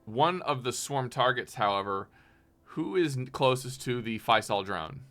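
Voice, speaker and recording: A man's voice: medium pitch, animated, measured pace, fairly bright tone, faint music behind. A man narrating as game master of a tabletop game, loose and chatty with frequent ums.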